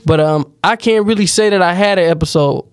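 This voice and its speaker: A man hosting a podcast, talking in a reflective, steady way and often adding "you know what I'm saying". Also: sits high, a little fast, clean tone, dry recording. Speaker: podcast host. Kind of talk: casual chat.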